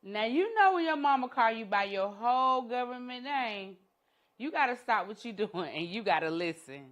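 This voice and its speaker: A middle-aged woman giving a talk, telling her personal story as an entrepreneur and educator, with dramatic pauses and hushed moments. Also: fairly high pitch, expressive, dull audio. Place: conference room.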